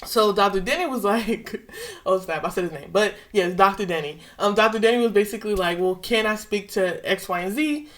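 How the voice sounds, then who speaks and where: Young woman, vlogger, casual storytelling, emotional, slangy, mid pitch. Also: a little fast. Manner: emotional, animated retelling with slang.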